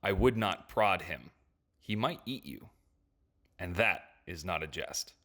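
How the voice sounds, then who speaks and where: A woman's voice: a bass voice, lively intonation, takes it slowly, a bit bright, voice pushed down, heavily acted. A woman voicing a stern male sky-ship captain who gives curt, clipped commands. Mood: commanding. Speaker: narrator voicing characters.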